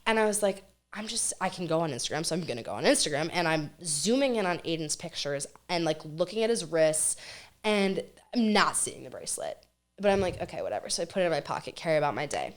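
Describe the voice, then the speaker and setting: Lively young woman telling a story. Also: sits low. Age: young adult. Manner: animated, fast storytelling with acted quotes. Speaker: guest. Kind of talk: casual storytelling chat.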